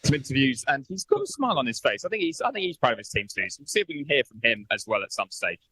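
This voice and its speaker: A man's voice: medium pitch, sing-song, very fast, pushed and bright, low-quality recording. A man reporting live from the pit lane for a radio show, chatty and hesitant, with many fillers.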